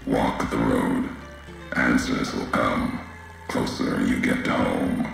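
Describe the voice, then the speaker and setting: Grim raspy wasteland courier in a game, super slow clipped lines, real gravelly. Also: male voice, very echoey, soft background music, exaggerated voice. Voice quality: raspy, deep. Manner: slow, clipped, terse sentences. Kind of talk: video game voice acting.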